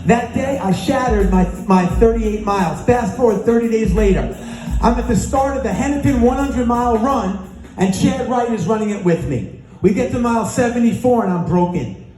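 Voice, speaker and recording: Male keynote speaker, very high voice, lively storytelling, echoey hall with music under it. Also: normal speed. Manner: energetic storytelling, acting out dialogue, chanting call-and-response. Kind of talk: motivational stage speech. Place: large conference hall on stage.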